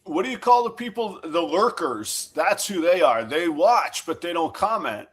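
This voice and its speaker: A man's voice: on the high side, lively intonation, moderate pace, husky. A middle-aged man co-hosting a casual podcast, telling stories in a wry, joking way. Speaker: podcast co-host. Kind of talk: casual chat.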